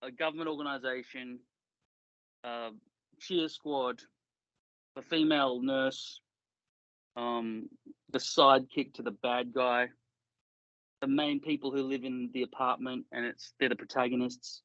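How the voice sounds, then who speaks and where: A man's voice: medium pitch, flat delivery, a little slow, pauses often, a bit bright, no room sound. Rambling man on a dull, dry podcast mic. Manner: rambling, swears often, laughs easily. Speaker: podcast co-host. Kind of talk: casual podcast chat.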